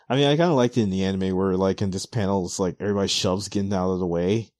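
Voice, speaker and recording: Young male podcast host, low voice, lively recapper who does quick character voices; dry, close mic. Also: no echo. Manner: animated, acts out characters' lines in quick voices. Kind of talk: casual podcast chat recapping manga.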